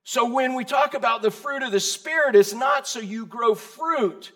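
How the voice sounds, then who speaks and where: Man, pastor, high voice, animated sermon, playful, talks to the crowd. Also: moderate pace. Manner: animated, jokey, calls on the congregation, frequent restarts. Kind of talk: lively sermon.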